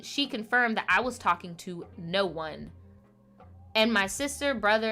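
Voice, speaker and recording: Bright-voiced chatty woman host. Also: medium pitch. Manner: chatty, lots of fillers, playful asides. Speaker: podcast host reading viewer stories. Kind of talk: casual chat, reading letters aloud.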